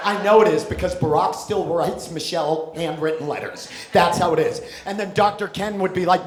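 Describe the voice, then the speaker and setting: A man doing a stand-up set in a theater, loud and mocking, swearing and acting out voices. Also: sits high, a little fast, hardly any pauses. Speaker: stand-up comedian. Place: theater stage before a live audience. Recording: echoey live theater recording with noise.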